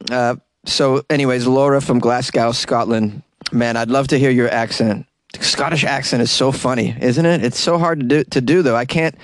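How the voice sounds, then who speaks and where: Playful rambling podcast host, dry close mic. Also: male voice, mid-range voice, dry recording. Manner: playful, rambling, breaks into silly singing. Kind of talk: casual solo podcast chat.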